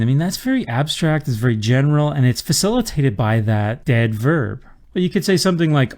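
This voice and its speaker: A man's voice: medium pitch, a little mellow. Man explaining writing craft. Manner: explanatory, reads example sentences aloud. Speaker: writing instructor. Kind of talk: lecture on writing.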